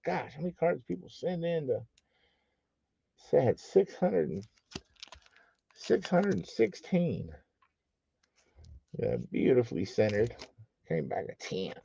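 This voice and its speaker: Host, male, gravelly and animated, swears freely, runs a live card auction over dull lo-fi audio. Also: on the high side, takes it slowly, long pauses, slight background noise. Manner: profane, teasing, joking with chat; calls bids like an auctioneer.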